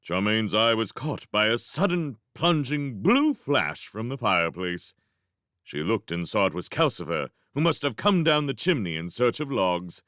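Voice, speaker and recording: A man reading a novel chapter aloud as a fan reading, narrating in an animated way. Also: on the low side, a little slow, no echo, studio quality. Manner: animated, voicing each character. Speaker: reader. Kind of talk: storybook narration.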